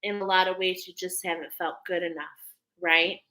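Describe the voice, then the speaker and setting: A woman's voice: on the low side, steady tone, normal speed, bright, forceful tone, poor audio. A woman in her thirties hosting a spiritual oracle reading, speaking in an affirming, casual way and often checking in with "okay?". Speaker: spiritual channel host, oracle reader. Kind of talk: casual spiritual guidance talk.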